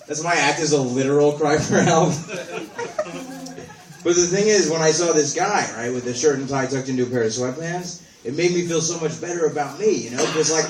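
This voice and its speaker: Rambling, profane young comedian on stage. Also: male voice, on the high side, fairly quick. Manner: rambling, self-deprecating, profane. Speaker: stand-up comedian. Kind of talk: stand-up set. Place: small comedy venue. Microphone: phone camera from the audience. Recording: echoey room, distant phone recording.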